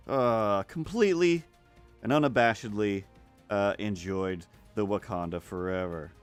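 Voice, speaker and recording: A man draws on a livestream and chats casually, rambling, restarting often, and breaking into silly voices. His fairly low voice moves at normal speed with a clean tone and no echo. Faint music sits in the background.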